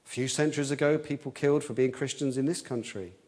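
A man's voice: fairly even intonation, fast talker, a little mellow, husky. A man preaching an expository sermon in an earnest way, often repeating words as he thinks aloud and lifting his voice on quoted cries. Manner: rises in pitch and force on quoted cries.

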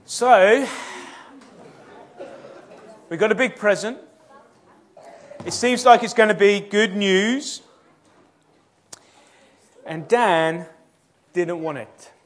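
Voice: mid-range voice, very slow, long pauses, a faint crowd. A children's church leader talking playfully and coaxingly with a group of children in a church.

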